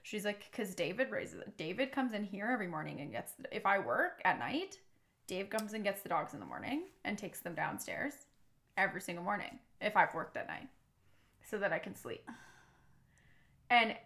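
A woman hosting a podcast, chatting casually and telling lively stories, swearing freely. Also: mid-range voice, normal speed, vocal fry. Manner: animated storyteller, swears freely. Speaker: podcast host. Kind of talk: casual chat.

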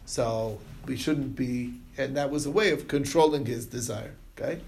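A man's voice: medium pitch, moderate pace, a little mellow, a little hiss or hum. A man teaching an informal Talmud class, retelling stories loosely with many fillers and restarts. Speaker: Torah teacher.

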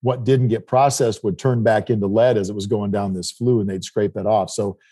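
A man's voice: fairly low pitch, fairly even intonation, fairly quick, dark tone, husky. A middle-aged man from South Dakota telling a rambling travel story in casual chat. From South Dakota, United States. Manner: rambling anecdotal storytelling with restarts.

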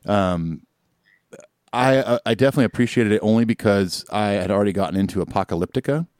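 A man in his forties hosting a podcast, telling stories in quick casual chat. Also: on the low side, a little mellow, dry recording, clean studio sound. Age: 40s. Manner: quick, chatty storyteller. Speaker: podcast host.

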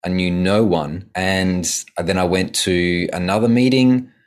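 Deep-voiced man telling his story. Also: fairly even intonation, a little slow. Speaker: podcast guest, coach. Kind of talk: conversational storytelling.

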